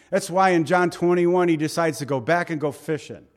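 A man's voice: normal speed, few pauses. Earnest preacher man with vivid storytelling. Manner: vivid storytelling, rhetorical questions to the congregation; voice drops soft and low for quoted tender words. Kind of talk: sermon.

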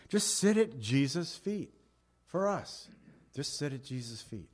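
A man's voice: a little high, very animated, a little slow, a little mellow. Man preaching in a folksy, conversational way. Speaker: pastor. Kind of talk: sermon.

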